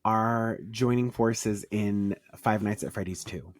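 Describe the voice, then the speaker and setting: A podcast co-host with a Southern US twang, talking in blunt, emphatic, profane bursts with quick asides. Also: mid-range voice, steady tone, dry recording. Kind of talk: casual podcast chat.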